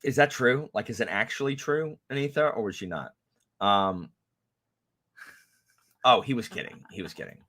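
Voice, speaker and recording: A man's voice: medium pitch, lively intonation, moderate pace, long pauses, bright, forceful tone. A man co-hosting a casual livestream, rambling and laughing, with many restarts and fillers. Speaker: co-host of a book channel livestream.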